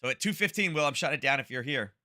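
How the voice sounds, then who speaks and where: This trading stream host rattles off casual live market commentary in a rapid-fire, expressive voice of medium pitch and sharp tone. He works through ideas aloud, caps points with "right?", and addresses viewers by name.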